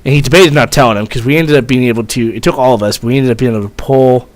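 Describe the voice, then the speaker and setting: A man's voice: medium pitch, very fast. A young man casually telling a rambling, profane story as a vlogger, full of fillers and swearing.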